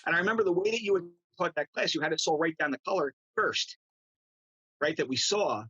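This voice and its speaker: A man, a guest tarot reader, telling stories in a casual chat, animated and often adding "right?". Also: fairly high pitch, a little fast, slightly rough, no room sound, dull audio. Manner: animated, acts out quotes, says "right?" often.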